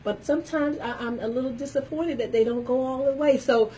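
A woman's voice: high voice, a little fast, mellow, a little hiss or hum, low-quality recording. A woman hosting a radio show in casual banter, cheerful and exclaiming, with frequent laughter. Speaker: radio host. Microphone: studio microphone.

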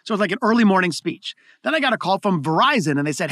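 A man telling stories as an interview guest, talking in excited bursts with frequent restarts and repeated words. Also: sits high, fast, few pauses, no echo, studio quality. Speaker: guest, keynote speaker. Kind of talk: conversational interview storytelling.

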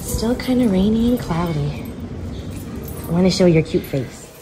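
A woman's voice: lowish voice, animated, unhurried, over music. A young woman with a nasal, congested voice from a cold, chatting casually in her vlog and gushing to her dog. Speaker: vlogger.

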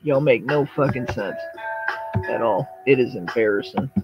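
Man, angry livestream rant, cursing at his chat, dull lo-fi sound, loud music underneath. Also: medium pitch, normal speed. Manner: profane, confrontational, addresses the audience directly.

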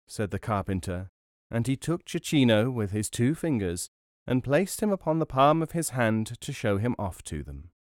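A man narrating a folk tale in an expressive, storytelling manner. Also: medium pitch, normal speed, no room sound, studio quality. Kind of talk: scripted narration of folk tales.

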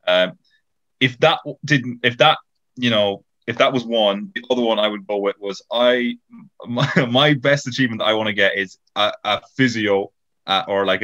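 A man's voice: lowish voice, fairly bright tone, lo-fi sound. A 21-year-old man co-hosting a casual podcast, rambling and stacking up fillers as he talks. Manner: rambling, full of "like" and restarts. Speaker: podcast co-host.

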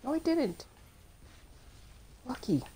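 Young woman, let's play commentary, excitable outbursts, slow delivery, slightly high voice. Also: a little hiss or hum. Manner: excitable, shouting exclamations. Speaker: gameplay commentator.

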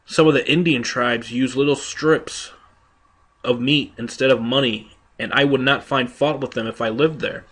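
A man's voice: medium pitch, fairly even intonation, normal speed, a bit bright, husky. Man preaching an emphatic sermon. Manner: emphatic, rhetorical, with quoted voices. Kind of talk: sermon reading.

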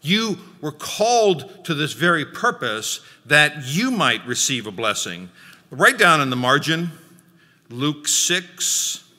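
Bright-voiced preacher man in reverberant church. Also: on the high side, sing-song. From Alaska. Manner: emphatic, repeats key phrases, slows down to stress points. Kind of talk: sermon. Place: church sanctuary.

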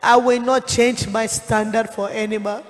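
Grave, weeping Jesus voiced by a woman preacher, slow and deep for her range, ringing in a large hall. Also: level tone, close to an everyday voice. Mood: solemn. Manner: slow, grave, tearful pleading. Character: sorrowful Jesus, grave male savior. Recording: long hall reverb.

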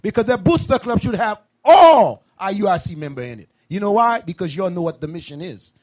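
A man's voice: high-pitched, very animated, brisk, a little mellow. A man in urging fellow church members with rhetorical questions. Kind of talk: exhortation.

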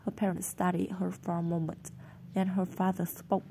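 A woman narrating a storybook chapter in a plain, steady reading voice. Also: fairly low pitch, moderate pace, a little hiss or hum.

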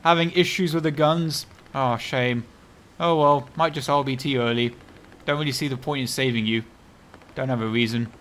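A man giving chatty, sarcastic gameplay commentary, muttering one moment and bursting out loudly the next. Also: mid-range voice, fairly even intonation, moderate pace, slight background noise. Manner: chatty and sarcastic, swinging from mutters to loud outbursts, heavy slang. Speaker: video game commentator.

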